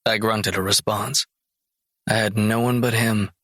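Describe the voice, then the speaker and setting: A man's voice: fairly low pitch, fairly even intonation, measured pace, a bit bright, no room sound. A man narrating an audiobook in first person, dry and sardonic.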